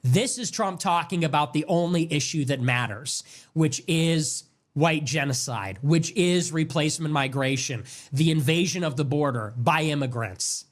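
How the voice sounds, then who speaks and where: An insistent man hosting a commentary monologue, his voice sitting higher than most men's. He presses his points hard and repeats words for emphasis. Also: animated, unhurried. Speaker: show host.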